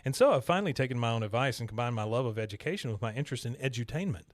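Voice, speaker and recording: A man reading lines as a prim, self-assured suburban mom, brisk and matter-of-fact. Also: medium pitch, lively intonation, no echo, close to an everyday voice.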